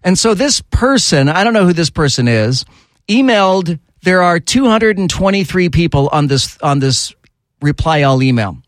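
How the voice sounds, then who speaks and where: A male radio host chats casually in a studio, his voice sitting a little high. He turns animated and exasperated, jumping way up in pitch when something annoys him. The sound is close and dry. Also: moderate pace, dry recording. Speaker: radio talk show host. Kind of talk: casual talk radio banter.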